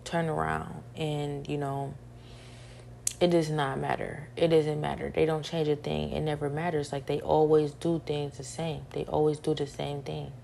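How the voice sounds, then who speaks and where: Low gravelly woman venting. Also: little pitch movement, moderate pace, dark tone, a little hiss or hum. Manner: repetitive, frustrated, restating each point several times. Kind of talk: venting monologue.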